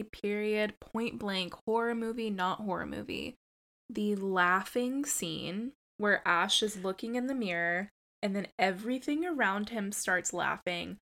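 A woman's voice: mid-range voice, a bit bright. A woman co-hosting a podcast in casual chat, enthusiastic, swearing and saying "like" a lot. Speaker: podcast co-host.

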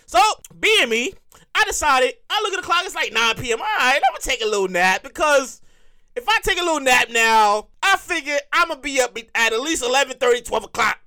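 A man hosting a podcast as a comedic monologue, animated and prone to repeating words and laughing at his own stories. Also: extremely high pitch, fairly quick. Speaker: podcast host.

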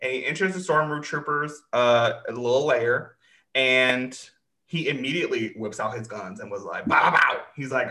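A man's voice: medium pitch, normal speed, echoey room. A man hosting a casual recap chat, swearing freely and acting out the characters as he retells scenes. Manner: animated, swearing, acts out characters. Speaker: podcast host recapping a show.

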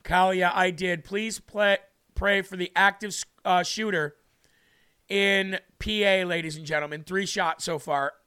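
A man with a high, bright voice preaches on a livestream, deeply moved and close to tears. He talks slowly and fervently and repeats words for emphasis. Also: fairly even intonation, clear, resonant tone. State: tearful, moved. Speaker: livestream host.

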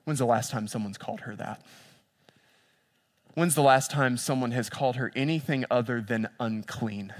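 A pastor with a medium-pitched voice preaches at normal speed. He shifts between lively storytelling and hushed, intense stretches, repeating phrases for emphasis.

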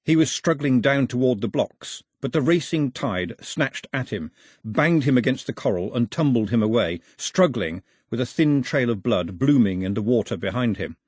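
A man narrates an audiobook in a husky, expressive voice. His pitch rises and falls with the action, and the recording is close and dry. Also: moderate pace, no echo. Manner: expressive storytelling.

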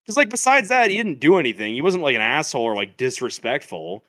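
A man's voice: mid-range voice, sing-song, quick pace, a bit bright, dry recording. A man in his natural middle register spins a rambling anecdote, swearing freely and breaking into laughter. The sound is dead dry and right up on the mic, with no room around it. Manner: loose, profane, laughs through his stories. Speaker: podcast co-host. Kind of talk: casual storytelling chat. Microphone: podcast microphone.

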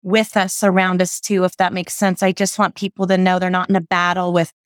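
A woman's voice: on the low side, little pitch movement, fairly quick, smooth, dry recording, clean studio sound. A woman speaking as an interview guest, explaining ideas on intuition in a rambling, self-correcting way like a spiritual teacher.

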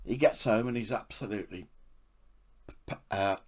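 A man's voice: lowish voice, moderate pace, slight background noise. A man from England, telling funny anecdotes from his life for a podcast and often laughing at his own stories. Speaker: podcast storyteller. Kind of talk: anecdotal storytelling.

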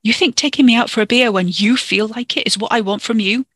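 A man's voice: extremely high pitch, fairly quick, a bit bright, no room sound, pitched above the performer's own voice, full character voice. The narrator voicing a grieving young man who pleads with a breaking voice, then turns to snarling.

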